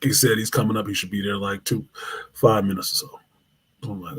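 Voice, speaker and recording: Man, live show host, profane storytelling, animated, husky voice. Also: lowish voice, brisk.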